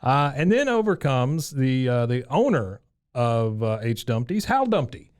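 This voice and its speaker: A man's voice: medium pitch, sing-song, unhurried, darkish tone, clean tone, no room sound, clean studio sound. A man co-hosting a podcast, recapping a cartoon episode in casual chat, laughing often and acting out characters' lines in raised voices. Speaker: podcast co-host.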